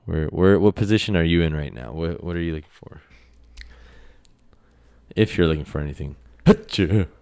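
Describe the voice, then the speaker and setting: A young man co-hosting a podcast, relaxed and upbeat, swearing casually as he talks. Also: extremely low pitch, brisk, vocal fry, pauses often, smooth. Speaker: podcast co-host. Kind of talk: casual chat.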